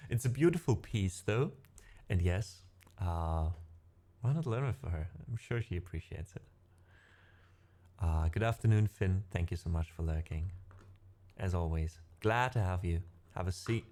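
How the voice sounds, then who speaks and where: A music streamer with a low, dark-toned voice and lively intonation talks unhurriedly, leaving long pauses. He isn't a native English speaker and chats casually with his livestream audience between piano pieces, rambling, correcting himself, and laughing often.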